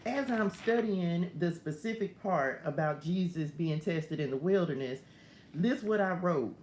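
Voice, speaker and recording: A faith coach hosts a morning message, her lowish voice animated, a little slow and a little mellow. She laughs and digresses through a casual devotional aimed straight at her viewers, then closes in prayer. The room echoes, with faint ambient noise.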